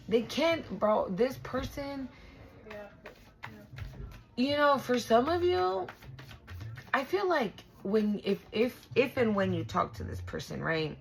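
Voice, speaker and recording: A woman's voice: fairly high pitch, gravelly, low-quality recording. A woman doing a casual tarot reading for her viewers, blunt and profane, repeating and restarting herself for emphasis. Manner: blunt and profane, swears freely; emphatic and repetitive, restarts often. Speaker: tarot reader.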